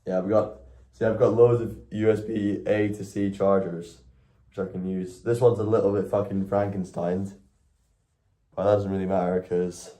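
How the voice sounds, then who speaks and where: A man's voice: on the low side, a little mellow. A young man chatting casually on a live stream, rambling, correcting himself and swearing often. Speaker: IRL streamer.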